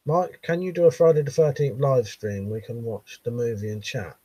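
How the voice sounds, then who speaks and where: A man's voice: medium pitch, fairly even intonation, moderate pace, mellow, breathy edge, no echo, highs cut off. A man with a Southern English accent hosting a casual live stream, reading viewers' comments aloud with frequent laughs and casual swearing. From Buckinghamshire, England.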